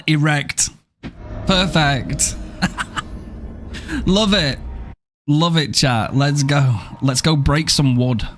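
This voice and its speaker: A man's voice: on the high side, very slow, pauses often, fairly bright tone, a little hiss or hum. A man live-streaming a game, chatting casually and playfully, joking and thanking viewers by name, with casual swearing.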